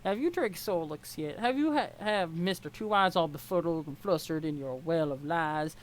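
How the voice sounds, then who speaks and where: Woman putting on a pushy troll girl, fake Southern accent, wheedling, bouncy pitch. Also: normal speed, slight background noise, natural voice, rough recording. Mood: scheming. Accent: put-on Southern US. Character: scheming teen troll girl, pushy and chatty.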